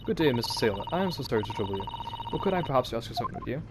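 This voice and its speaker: A man voicing a polite young male student in a game, asking careful, slightly hesitant questions, with steady noise in the background. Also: mid-range voice, rapid-fire, natural voice. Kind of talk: let's-play dialogue reading.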